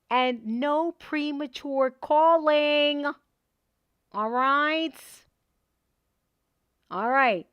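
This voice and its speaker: Playful high-voiced woman calling bingo. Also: a bit bright, no echo, studio quality. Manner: playful, slow, drawn-out number calling. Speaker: host calling bingo on a livestream. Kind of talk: casual livestream bingo calling.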